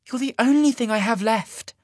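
A man's voice: very high voice, normal speed, dry recording, clean studio sound, voice pushed up. A man voicing a blunt, fierce young woman. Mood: quiet intense. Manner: blunt and demanding.

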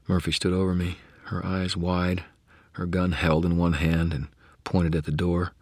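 A man's voice: sits low, level tone, normal speed, breathy edge, no room sound. A man narrating a first-person story in a gritty, understated way. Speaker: audiobook narrator.

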